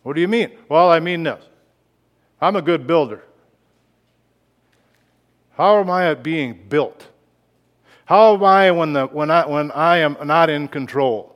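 Male pastor preaching, slightly raised voice, quiet reflection that turns to loud emphatic bursts. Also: on the high side, measured pace, long pauses, long reverb tail, muffled recording. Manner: laughs between lines. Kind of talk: sermon.

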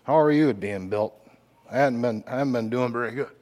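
A man preaching a sermon, moving from quiet reflective lines to loud emphatic outbursts, laughing now and then. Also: mid-range voice, a little fast, big-room sound. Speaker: pastor.

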